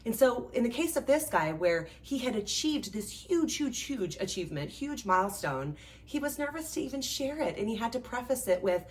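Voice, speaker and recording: A woman hosting a show and working as a life coach, giving a motivational talk in an animated, chatty way, with lots of "like" and "right?". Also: on the high side, normal speed. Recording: voice a bit distant from the mic.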